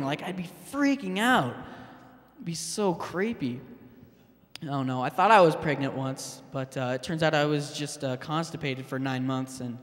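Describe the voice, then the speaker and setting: Man, stand-up comedian, halting deadpan delivery, high-pitched, reverberant hall. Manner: hesitant, halting delivery with fillers and restarts. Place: public access TV studio stage.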